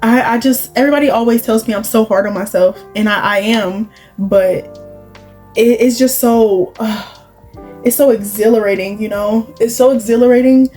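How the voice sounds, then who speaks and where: Chatty young woman with soft music. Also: on the high side, rough recording. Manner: rambling, full of "like" and "you know", confiding. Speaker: vlogger. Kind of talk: casual chatty vlog while doing makeup.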